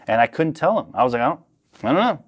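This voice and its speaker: A young man telling a story on a podcast in a casual, profane, animated way, acting out what people said. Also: fairly high pitch, fast talker. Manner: profane, animated, acts out quotes. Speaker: podcast guest.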